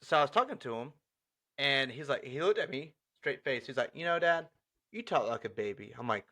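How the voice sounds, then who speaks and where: A man's voice: mid-range voice, fairly quick. A young adult man co-hosting a podcast, casually telling funny stories about his son, acting out the dialogue and laughing often. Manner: animated, laughing, acts out dialogue. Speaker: podcast co-host. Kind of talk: casual storytelling chat.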